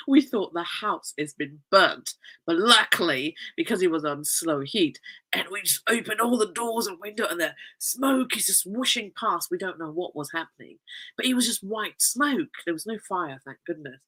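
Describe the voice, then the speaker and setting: A woman chats through a personal story, giggling often between phrases. Her voice is husky and slightly breathy, and her pitch rises and falls a great deal. She is effusive and leans on repetition for emphasis. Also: expressive, normal speed, sharp tone, poor audio. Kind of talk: casual anecdotal storytelling.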